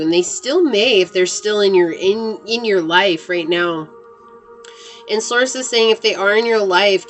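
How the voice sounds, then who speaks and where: Woman, lowish voice, chatty tarot reader talking to camera, faint music underneath. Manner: chatty and earnest, many "like" fillers. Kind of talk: casual tarot reading to camera.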